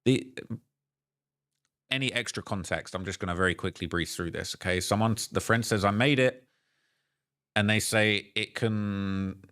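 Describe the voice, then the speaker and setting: A man's voice: low-pitched, moderate pace, pushed and bright, dry recording, clean studio sound. A man narrating a commentary video, reading messages and news aloud, hesitant with restarts.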